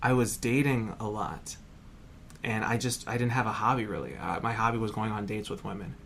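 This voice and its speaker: Man in his thirties, lively storyteller who voices the people he quotes, porch chat with faint mowing behind. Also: on the low side, brisk, creaky, a little hiss or hum. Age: 30s. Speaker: podcast guest, hypnotist. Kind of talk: casual conversation. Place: front porch. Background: lawn mower across the street.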